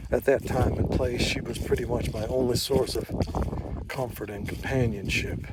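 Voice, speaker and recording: An older man telling a first-person story in a slow, measured, plainspoken and folksy way. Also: mid-range voice, fairly even intonation, very noisy.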